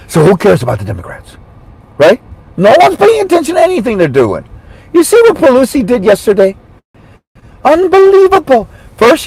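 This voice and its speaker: Animated rambling man, husky voice. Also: fairly high pitch. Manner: animated, rambling, jumps between mock quotes and asides. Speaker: commentary vlogger. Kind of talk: rambling political commentary.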